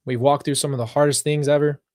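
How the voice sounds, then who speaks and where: A man's voice: on the high side, flat delivery, fast talker, a little mellow, dry recording, clean studio sound. A man hosting a live reaction stream, talking earnestly and reflectively to his viewers and chat, often wandering off on personal tangents. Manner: talks straight to viewers and chat. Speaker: reaction channel host.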